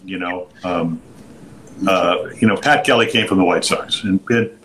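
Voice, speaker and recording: A man's voice: sits low, normal speed, a bit bright, slight background noise, low-quality recording. Older man telling rambling baseball stories. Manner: rambling anecdotes with frequent restarts and quoted voices. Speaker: guest, former pitcher and broadcaster. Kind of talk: storytelling interview.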